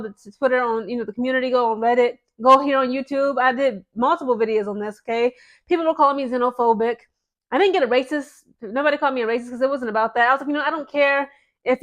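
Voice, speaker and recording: A woman hosting her own channel, giving casual, chatty commentary to the camera and often checking in with her viewers. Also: a little high. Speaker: channel host.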